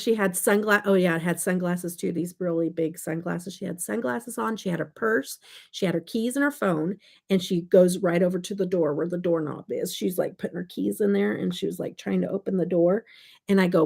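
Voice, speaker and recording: An older woman with a gravelly, slightly low voice, chatting casually on her makeup vlog. She rambles through family stories and answers chat comments as she works. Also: moderate pace, darkish tone. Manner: chatty, storytelling, reads live chat aloud. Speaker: makeup vlogger.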